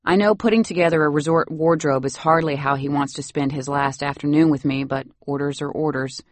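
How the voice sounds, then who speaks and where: A woman narrating a novel in the first person, wry and lively. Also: sits low, a little fast, no echo. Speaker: audiobook narrator.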